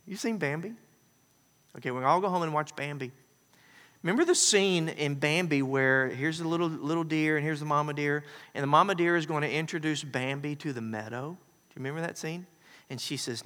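A man preaching a sermon as pastor, animated, acting out scenes and quotes as he goes. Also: on the high side, fairly quick. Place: large hall with long reverb. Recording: reverberant church hall.

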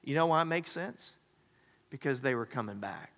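A man preaching a sermon, folksy and joking, telling stories in an animated way. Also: mid-range voice, normal speed, big-room sound. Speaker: pastor.

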